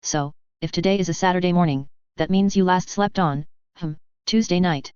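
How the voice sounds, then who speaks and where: A woman reading fan fiction aloud, voicing an anxious but determined young witch who talks briskly and insistently, on a dull lo-fi recording. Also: fairly low pitch, darkish tone, smooth, dry recording, lightly acted. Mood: worried, brisk.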